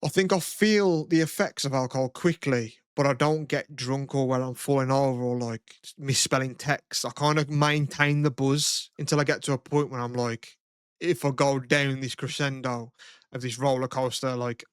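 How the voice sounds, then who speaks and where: Smooth-voiced young man, rambling chat. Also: mid-range voice, a bit bright, no echo, studio quality. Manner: rambling and profane, laughs often. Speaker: podcast co-host. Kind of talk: casual chat.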